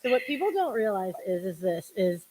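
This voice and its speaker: A woman's voice: mid-range voice, big pitch swings, fairly quick, dark tone. A woman hosting a casual livestream chat, laughing and self-deprecating as she talks, with everyone sharing one microphone. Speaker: podcast host and producer. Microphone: single shared microphone.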